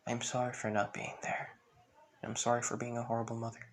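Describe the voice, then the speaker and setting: A man voicing the gentle ghost of a young wife and mother, speaking softly and apologetically in a fan story retelling. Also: mid-range voice, monotone, brisk, slight background noise, close to an everyday voice. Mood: apologetic. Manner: soft, apologetic.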